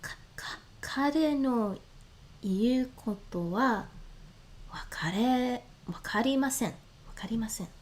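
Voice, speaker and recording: A woman streaming casually, sounding out words slowly, often dropping to a murmur or whisper and laughing between phrases. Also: fairly high pitch, lively intonation. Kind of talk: casual live-stream chat.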